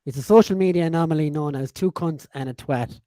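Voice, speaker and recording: Man, forties, livestream co-host, casual crude banter, laughs a lot, mellow tone, dry close sound. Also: fairly high pitch, fast talker, dry recording. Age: 40s. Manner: laughing often, crude joking. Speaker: podcast co-host reading chat comments.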